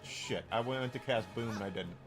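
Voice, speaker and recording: A man's voice: fairly low pitch, normal speed, over music. A man streaming a game and telling a long story in a rambling, casual way, full of restarts and fillers.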